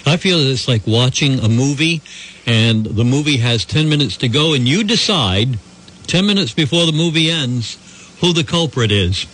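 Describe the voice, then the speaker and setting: A man's voice: mid-range voice, lively intonation, normal speed, fairly bright tone. A man hosting a call-in radio talk show, chatting and joking with lots of fillers.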